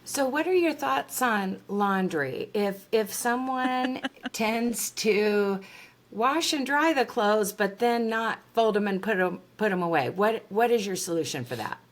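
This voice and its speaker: A woman host in a relaxed interview, putting questions to her guest. Her tone is friendly and conversational, with a mid-range voice. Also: medium pitch, a little slow.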